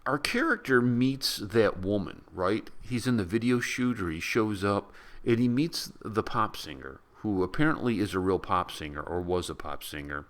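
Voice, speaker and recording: A man's voice: lowish voice, big pitch swings, normal speed, few pauses, a bit bright. An American man giving a casual, rambling movie review, chatty and laughing at his own stories. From United States.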